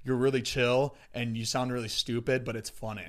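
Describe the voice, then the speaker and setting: Chatting loosely as a podcast co-host, this young man rambles, swears, and leans heavily on fillers. His pitch is medium, his tone level, and he talks briskly.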